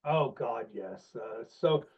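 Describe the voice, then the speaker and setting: A middle-aged man, a guest on a casual podcast interview, telling animated, self-deprecating stories about his sales career. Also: mid-range voice, takes it slowly, slightly rough. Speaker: guest, longtime sales leader. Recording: dull, lo-fi sound.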